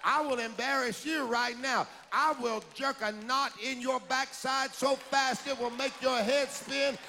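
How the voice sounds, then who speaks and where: A man's voice: extremely high pitch, steady tone, a little slow, creaky, a little hiss or hum, full character voice. A man voicing an exasperated mother who firmly scolds her small child. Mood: stern. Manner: stern, firm and loud.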